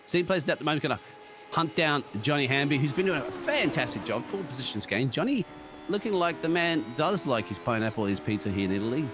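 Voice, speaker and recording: An Australian man commenting on a sim racing broadcast, joking and laughing often, with excitable jumps in pitch. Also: fast talker, background noise. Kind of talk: live race commentary banter.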